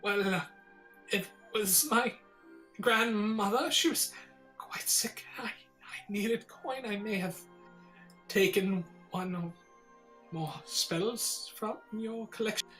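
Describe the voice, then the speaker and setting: A flustered young wizard's apprentice, put on by a man running a tabletop game, who stammers and begs in a voice pushed well above his usual. It sounds bright and anxious, with a soft music bed underneath. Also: a little fast, hardly any pauses. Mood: pleading nervous. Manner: stammering, pleading, voice climbing high.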